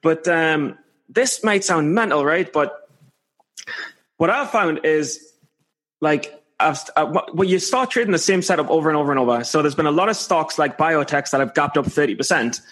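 A man's voice: a little high, normal speed, a bit bright. A man with a Scottish accent, a podcast guest, chatting casually about trading in a playful, self-mocking way. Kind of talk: casual chat.

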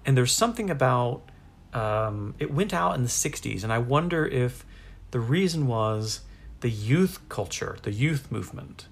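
A man's voice: medium pitch, expressive, unhurried, gravelly, slightly rough. Rambling, laughing male podcast co-host. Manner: rambling, laughs often, restarts. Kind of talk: casual chat.

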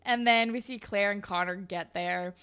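A young woman co-hosting a podcast, recapping a show in casual chat, animated and swearing, popping into quick high voices for characters. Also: smooth. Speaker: podcast co-host.

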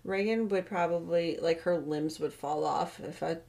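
A woman's voice: fairly low pitch, creaky, warm tone. A woman co-hosting a podcast, chatting casually about her kids and giggling often. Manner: giggly, slow-spoken. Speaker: podcast co-host. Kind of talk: casual chat about parenting.

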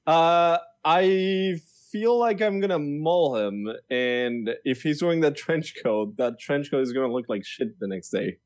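A man's voice: a little high, animated, unhurried, few pauses. A man playing a tabletop game, matter-of-fact and amused. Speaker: player.

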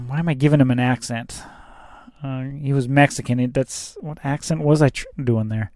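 Speaking at a moderate pace, a male trucker tells a rambling vlog story about his day, with the occasional curse. His voice is mellow and a touch high for a man, captured up close in a very dry recording without any echo or room sound.

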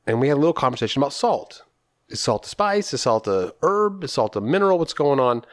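A man's voice: mid-range voice, big pitch swings, quick pace, no echo, clean studio sound. A man co-hosting a casual chat, explaining a cooking topic and posing rhetorical questions. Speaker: podcast co-host.

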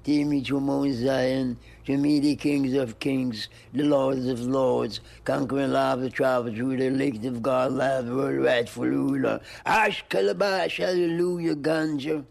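Older guy, super gravelly creaky voice, chants rhymes in a sing-song flow. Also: mid-range voice, steady tone, measured pace, few pauses, darkish tone. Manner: rhythmic, sing-song chanting with animal noises and laughs. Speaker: interviewee, music pioneer. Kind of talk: free-flowing chanted poetry and wordplay.

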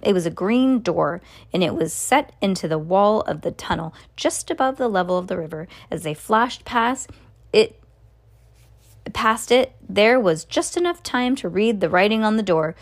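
A woman's voice: mid-range voice, expressive, moderate pace. A woman reading a children's book aloud in a casual way, correcting slips and adding asides. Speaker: reader.

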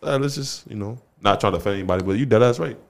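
Fast-talking animated young man. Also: on the low side, vocal fry. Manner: animated, profane, quick to laugh. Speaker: podcast co-host. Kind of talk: casual group chat.

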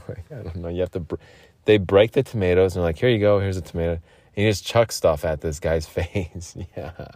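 A man's voice: deep voice, normal speed, a little mellow, dry recording, clean studio sound. A young man in his twenties rambling and joking as a podcast host in a vocal booth, swearing now and then. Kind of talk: casual solo podcast chat.

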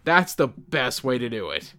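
A man's voice: mid-range voice, very animated, a little slow, a bit bright. A man co-hosting a casual podcast, cracking wry jokes and slipping into goofy voices. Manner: wry, jokey, bursts into goofy put-on voices. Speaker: podcast co-host. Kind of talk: casual chat, joking banter.

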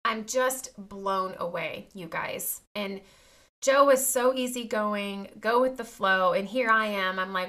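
A woman's voice: medium pitch, slow, pushed and bright. A woman in her thirties talking straight to her viewers in a personal vlog, emphatic and indignant, often calling them "you guys". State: near tears at times. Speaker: vlogger.

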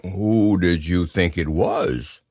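A man voicing a slow, gruff male teddy bear in a storybook reading. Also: a little mellow, no room sound, studio quality. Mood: puzzled. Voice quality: low, slow, different timbre.

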